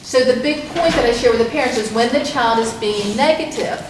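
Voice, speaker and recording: A woman's voice: a little high, fairly quick, distant mic, noisy background. Woman presenting in an echoey room. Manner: earnest, rambling with restarts. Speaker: program leader. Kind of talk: presentation to parents.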